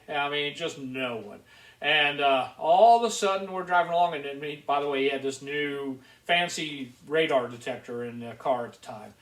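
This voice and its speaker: A man's voice: on the high side, a bit bright. A man from Ohio hosting a casual video show, telling a rambling story to viewers with plenty of fillers. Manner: chatty, rambling, with frequent fillers. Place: garage. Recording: roomy echo.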